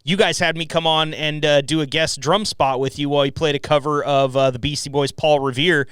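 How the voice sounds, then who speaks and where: A man's voice: fairly high pitch, fairly even intonation, fairly quick, fairly bright tone, clean tone, no room sound. A man hosting his own podcast, chatting casually, joking, swearing and laughing often. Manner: loose, profane and laughing. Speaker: podcast host. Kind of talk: casual chat. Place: home podcast room at night.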